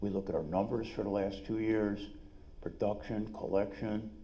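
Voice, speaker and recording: A middle-aged man with a New York accent gives an energetic, salesy seminar talk at a conference, full of quick asides. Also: fairly low pitch, muffled recording. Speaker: dentist and business speaker. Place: conference room.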